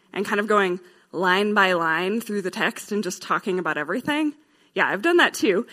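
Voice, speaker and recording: Lively woman teaching a class. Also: mid-range voice. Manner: lively, playful, laughs at her own drawings. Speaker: Bible teaching instructor. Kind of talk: classroom lecture. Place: in front of a live class.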